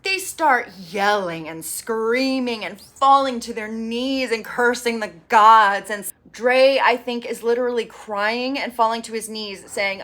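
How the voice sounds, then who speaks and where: A woman's voice: fairly high pitch, measured pace, few pauses, fairly bright tone. A woman casually recapping a reality dating show, playful and sarcastic, acting out the cast's quotes.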